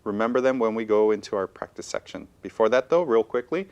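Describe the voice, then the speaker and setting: A man's voice: on the low side, fast, a little mellow, clean tone, highs cut off. A man teaching a bilingual televised Spanish lesson, encouraging and checking in with students with frequent okays.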